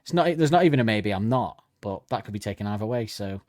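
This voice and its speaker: A man's voice: fairly low pitch, lively intonation, quick pace, darkish tone, dry recording, clean studio sound. A young man co-hosting a podcast in casual comedic chat, rambling with crude jokes. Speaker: podcast co-host.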